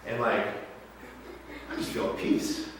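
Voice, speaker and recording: A man's voice: takes it slowly, a bit bright, slight background noise. A man in his thirties, a pastor telling stories in a casual, chatty sermon full of asides. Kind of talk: conversational sermon storytelling. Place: church sanctuary. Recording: very echoey hall, mic far off.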